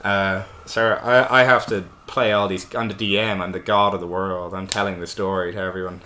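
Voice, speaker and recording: Playful low-voiced male podcast host. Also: flat delivery, brisk, bright, forceful tone, a little hiss or hum. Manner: playful, giggly, self-mocking. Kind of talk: casual comedy chat. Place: table in a friend's home.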